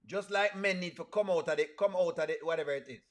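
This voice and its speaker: A man with a Jamaican accent giving lively live reaction commentary, mixing patois into his English. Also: on the high side, fast. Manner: animated, mixes patois with standard English. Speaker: reaction streamer.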